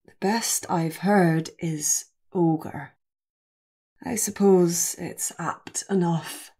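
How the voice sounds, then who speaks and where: A woman voicing a huge, gruff male ogre with a light Scottish burr, speaking slowly and low in an audiobook. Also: warm tone, exaggerated voice. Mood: wry. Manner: slow, low-key, often half-whispered. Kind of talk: audiobook character voice.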